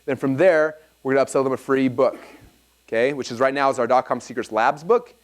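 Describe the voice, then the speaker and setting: A man's voice: mid-range voice, a little fast. A man in his thirties speaking to a live audience at a business seminar, telling stories animatedly and acting out the dialogue. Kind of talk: storytelling seminar talk. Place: event hall with a live audience.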